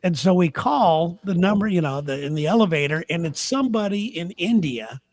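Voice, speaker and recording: A man's voice: high-pitched, animated, brisk, a little mellow, no echo, clean studio sound. A man telling a rambling, laughing story in casual chat on a podcast. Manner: rambling, laughing anecdotes with restarts. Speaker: podcast host.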